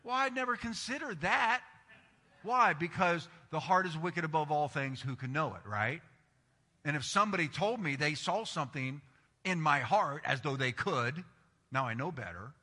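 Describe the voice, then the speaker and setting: A man's voice: fairly high pitch, lively intonation, normal speed, bright, forceful tone. A middle-aged man preaching a sermon as pastor, telling stories animatedly and acting out the voices he quotes. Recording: long reverb of a large hall.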